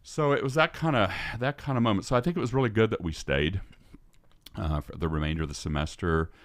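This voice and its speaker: A man's voice: on the low side, fast talker, no echo, clean studio sound. An older man telling a story as a podcast guest, rambling and restarting his sentences. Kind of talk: storytelling in casual conversation.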